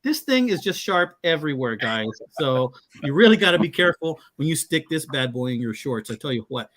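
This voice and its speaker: A man's voice: fairly high pitch, sing-song, a little fast, a bit bright. A man from Texas chatting casually on a live video call, showing off his knives in a rambling, laid-back way with many fillers. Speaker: knife channel guest. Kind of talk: casual live-stream chat.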